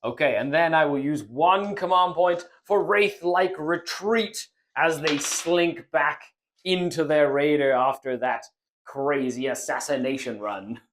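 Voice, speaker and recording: A man hosting a tabletop wargame battle report, narrating each turn in an animated way with frequent laughter and playful exclamations. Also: a little high, measured pace. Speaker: host and player.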